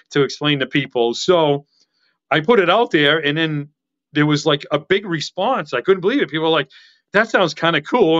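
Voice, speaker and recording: A man talking as a podcast guest in casual chat, excitable and rambling, with a loud voice that carries. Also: fairly high pitch, lo-fi sound.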